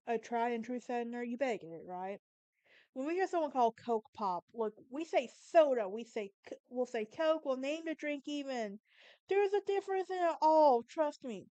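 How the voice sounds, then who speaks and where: Sassy Southern-accented woman, high and smooth. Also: warm tone, dry recording. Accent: Southern American. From Southern United States. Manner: sassy, emphatic, talks straight to the listener. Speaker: podcast host. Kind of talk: casual monologue.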